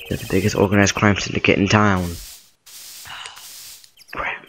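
A man's voice: lowish voice, level tone, moderate pace, pauses often, a bit bright, slight background noise. Joking young guy reading game lines. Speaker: let's play host. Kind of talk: reading game dialogue aloud with commentary.

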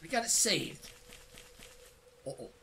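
A woman from Canada hosting a let's-play, excitable and laughing as she chats to viewers. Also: sits low, slow, gravelly, slight background noise. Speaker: gaming channel host. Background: faint game music.

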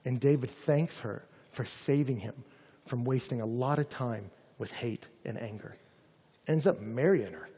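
A man preaching a sermon, animated, often acting out angry voices. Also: mid-range voice, unhurried, slightly rough, in a large hall. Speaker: pastor.

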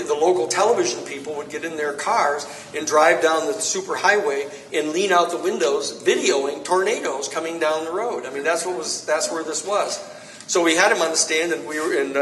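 A man's voice: a little high, moderate pace. Male author, storytelling talk, recorded from a distance in a reverberant shop with faint room hum. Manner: animated anecdotes, acts out quoted lines. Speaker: author giving a book talk. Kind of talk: storytelling talk to a live audience. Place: bookstore event space. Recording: roomy echo from far off.

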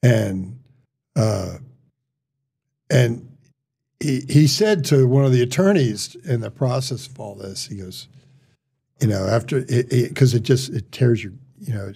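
A middle-aged man, a surgeon, telling stories in casual chat, halting with restarts and quoted dialogue. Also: mid-range voice, animated, gravelly, dark tone, husky. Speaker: surgeon guest.

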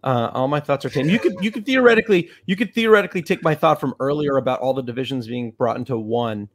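A man's voice: mid-range voice, quick pace. A man co-hosting a casual baseball chat show in a playful, jokey way, easily going along with the other host. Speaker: podcast co-host.

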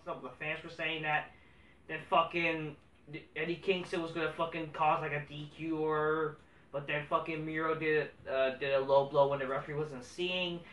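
A man hosts a casual solo review vlog in a bright, sharp-edged voice. He rants with constant swearing, dropping to grumbling mutters and then flaring into loud outbursts. He sits back from the mic in a roomy, echoing space. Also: fairly high pitch, distant mic. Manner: profane, ranting, swings between muttering and heated outbursts. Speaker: host of a wrestling review channel. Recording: roomy sound, away from the mic.

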